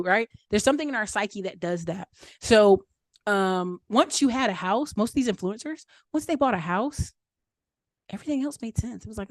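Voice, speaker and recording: A woman's voice: mid-range voice, animated, fairly quick, no room sound, clean studio sound. A woman giving candid, chatty money and property advice, acting out the voices of people she quotes. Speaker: guest speaker answering questions. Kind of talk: casual advice talk.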